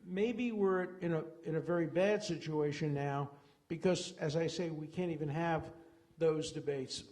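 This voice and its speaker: This is an older man addressing a community center audience as a guest speaker. His voice sits slightly high for a man. He talks with fervent conviction, rambling between anecdotes and often restarting his sentences. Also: unhurried, a little mellow. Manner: impassioned, digressive storyteller, frequent restarts. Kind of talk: public lecture with Q&A moderators.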